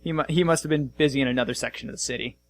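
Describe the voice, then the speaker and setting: A man's voice: medium pitch, rapid-fire, vocal fry, close to an everyday voice. A man doing a polite, apologetic jail guard. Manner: apologetic, chatty.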